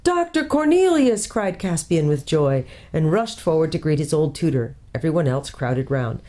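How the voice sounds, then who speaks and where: A woman's voice: low voice, moderate pace, mellow. Woman pastor reading a storybook aloud. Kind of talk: reading a children's book aloud.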